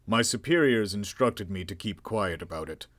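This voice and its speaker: A man voicing a stern male police commander who gives brisk, matter-of-fact orders. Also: lowish voice, lively intonation, a bit bright. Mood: guarded.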